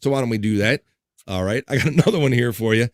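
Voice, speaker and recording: A man hosts a relaxed livestream, trading jokes and laughing easily as he reads out chat messages. His voice sits in an ordinary middle register and sounds close and dry, with almost no room around it. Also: medium pitch, fast talker, no room sound. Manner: jokey, laughs often, reads chat comments aloud. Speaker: livestream host. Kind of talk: casual chat.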